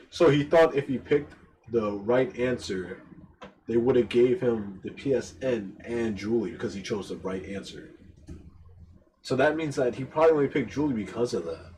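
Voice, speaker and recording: A man's voice: medium pitch, moderate pace, mellow, slight background noise, rough recording. A man giving casual reaction commentary, thinking aloud about what he hears.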